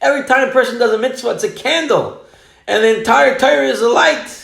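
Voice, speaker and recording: Emphatic rabbi with a high voice. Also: male voice, expressive, fast, gravelly, a bit bright. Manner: emphatic, uses Hebrew and Yiddish terms. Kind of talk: sermon with storytelling. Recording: roomy echo.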